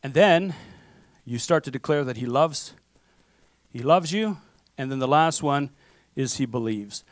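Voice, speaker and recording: A man's voice: mid-range voice, animated, a little slow, no room sound. A man preaching a sermon as pastor in a conversational way, often checking in with "okay?" and acting out what people say to themselves. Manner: conversational preaching with frequent "okay?" and acted self-talk. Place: church sanctuary.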